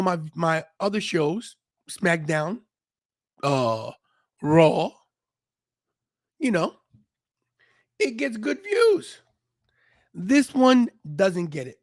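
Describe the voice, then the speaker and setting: A man's voice: fairly high pitch, dry recording, clean studio sound. A man hosting a wrestling watch-along live stream. He rants brashly and rambles with restarts. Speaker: wrestling podcast host.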